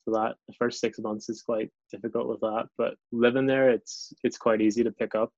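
A Northern Irish man talks easily as a guest, relaxed and self-deprecating, circling back over his own words. His voice sits in a middle register. The recording is dull and lo-fi, with a close, dry sound. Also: medium pitch, fairly quick, dry recording. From Northern Ireland. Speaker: guest, English teacher abroad. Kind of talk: casual chat.

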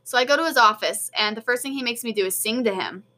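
A young woman co-hosting a podcast, telling a story in animated casual chat with many fillers. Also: a little high, fast. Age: young adult. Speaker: podcast co-host.

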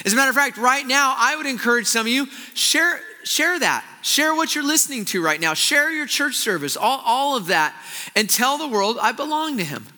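A man pastor preaching a sermon earnestly, often dropping into hushed, intense low passages. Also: animated, moderate pace, long reverb tail.

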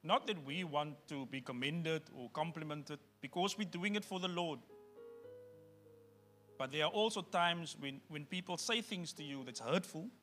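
Pastor, male, high and very bright voice; preaches emphatically and talks right to the congregation. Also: normal speed, faint music behind. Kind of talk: sermon.

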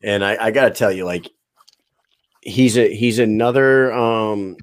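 A man co-hosting a casual podcast, relaxed, laughing often and restarting his sentences. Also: lowish voice, a little slow, dry recording. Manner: laid-back, laughing, stammering restarts. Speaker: podcast co-host. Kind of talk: casual chat.

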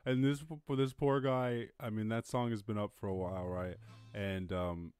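Deep-voiced, rambling Irish man. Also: level tone, moderate pace, a little mellow, clear, resonant tone, no echo, studio quality, soft background music. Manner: rambling, profane, laughs at his own jokes. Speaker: podcast host. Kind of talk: casual livestream commentary.

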